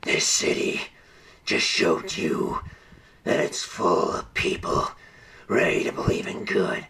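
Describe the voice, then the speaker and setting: A man voicing a menacing male superhero vigilante in a low, gravelly whisper, as whispered role-play. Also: very animated, slow pace, noisy background, heavily acted. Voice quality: gravelly growl.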